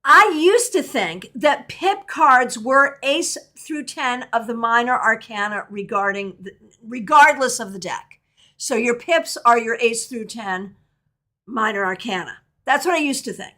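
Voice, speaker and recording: A woman's voice: a little high, lively intonation, a little slow, bright, forceful tone. A middle-aged woman teaching a live online tarot workshop, chatting candidly and answering viewer questions as she goes.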